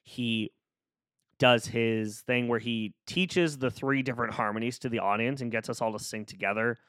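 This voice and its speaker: A man's voice: mid-range voice, moderate pace, fairly bright tone, clear, resonant tone, no room sound, studio quality. Upbeat encouraging male podcast host. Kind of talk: casual solo podcast talk. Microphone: close studio microphone.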